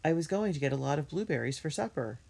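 Storybook older sister, gentle and caring, woman reader. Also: low-pitched, expressive, fast talker, gravelly, heavily acted. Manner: gentle, orderly. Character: kind, motherly older sister girl. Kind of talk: storybook read-aloud.

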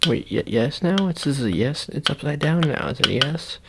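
A man in a whispered role-play as an ASMR host, playful and rambling, drifting between a soft voice and whispers. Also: a little high, animated, normal speed, vocal fry, heavy background noise.

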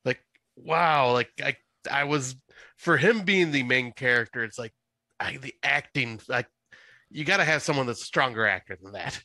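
A man who is a guest on a podcast, chatting casually about a film, agreeable and quick to chime in. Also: mid-range voice, pushed and bright, dry recording. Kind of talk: casual chat reviewing a film.

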